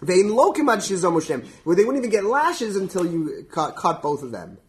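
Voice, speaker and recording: A man teaching a Talmud class in an animated way, laughing often and translating Hebrew and Aramaic phrases as he goes. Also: high voice, fairly quick.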